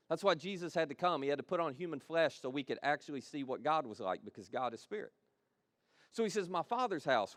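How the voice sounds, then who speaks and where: A man preaching a sermon as a pastor, telling the story with lively, animated delivery and acting out voices of the people in it. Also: on the high side, no room sound, studio quality.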